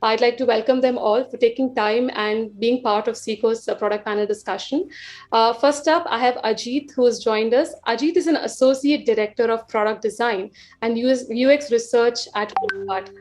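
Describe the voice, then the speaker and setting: A woman hosting and politely introducing a panel, pausing with "uh". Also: a little high, darkish tone. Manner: polite, scripted introductions with "uh" pauses. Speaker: event host.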